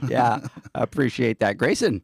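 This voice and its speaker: A man hosts a podcast and ribs his guests, with a laugh never far off. His pitch rises and falls freely over a gravelly edge. The studio sound is dry and close. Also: animated, moderate pace, no room sound. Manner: teasing, laughs often. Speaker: podcast host. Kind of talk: casual chat.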